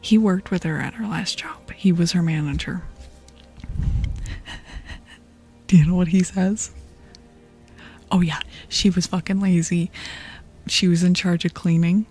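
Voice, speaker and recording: A young woman streamer in a soft whispered role-play style, gossiping with her chat and laughing often, with faint music behind. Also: on the low side, steady tone, takes it slowly, long pauses, slightly rough. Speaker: ASMR streamer.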